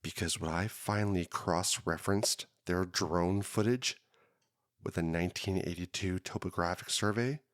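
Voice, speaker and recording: A man hosting a podcast, telling his own story in a dramatic, drawn-out hardboiled detective style. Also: low voice, no echo, studio quality. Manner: dramatic, drawn-out noir delivery. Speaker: podcast host.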